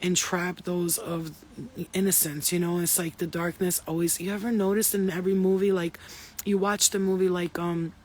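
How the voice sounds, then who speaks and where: Woman, spiritual reader, raspy breathy tone, profane, preachy, emphatic. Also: on the low side, level tone, moderate pace, a little mellow. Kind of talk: intuitive spiritual reading monologue.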